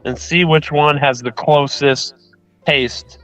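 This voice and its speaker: A man chatting casually as a guest on a live stream, easygoing and quick to laugh. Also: fairly high pitch, steady tone, a bit bright, faint music behind, rough recording. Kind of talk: casual chat.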